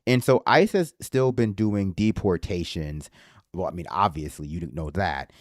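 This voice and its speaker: A man's voice: low voice, moderate pace, no room sound, studio quality. A man hosting a livestream in casual political commentary, with a slight lisp and a sarcastic, rambling manner that swears freely. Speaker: livestream host.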